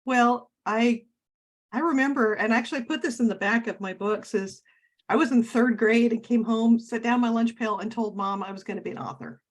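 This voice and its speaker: A woman's voice: a little high, moderate pace. A woman from Oregon, a guest author talking casually in an interview over a video call, chatty and reminiscing with many fillers and restarts.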